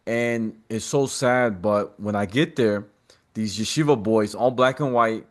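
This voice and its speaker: A man with a somewhat low voice, a podcast guest speaking in casual conversation. He tells his stories with animation and street slang. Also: unhurried.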